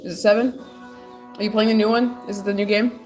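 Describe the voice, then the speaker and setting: A woman's voice: medium pitch, flat delivery, fast talker, darkish tone, soft background music. A young woman streaming while she crafts, rambling and joking with her chat and laughing often, at home. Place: at home, moving furniture.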